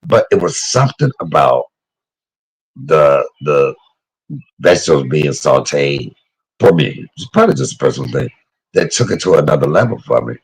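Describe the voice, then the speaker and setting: A middle-aged man with a very deep, creaky, husky voice and a sing-song lilt cooks while talking casually to viewers at a moderate pace. As a cooking vlogger, he's emotional and talkative, reading out comments and speaking to live chat members by name. The recording is low quality.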